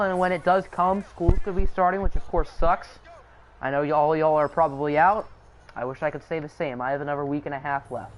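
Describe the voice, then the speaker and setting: A young male channel host with a high-sitting voice calls a simulated football game on a live stream, joking casually and answering viewers in the chat. The audio has its highs cut off and a little background noise.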